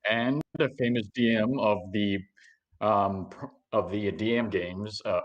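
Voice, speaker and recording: A low-voiced man plays in an online tabletop game, talking in a playful and grandiose way. His audio is muffled and lo-fi. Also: steady tone, measured pace. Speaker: player.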